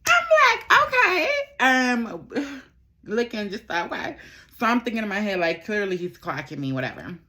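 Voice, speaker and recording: A woman's voice: medium pitch, lively intonation, brisk, fairly bright tone. A young woman, telling a candid storytime, chatty, swearing freely and repeating her phrases. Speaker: vlogger. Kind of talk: casual storytime while doing makeup.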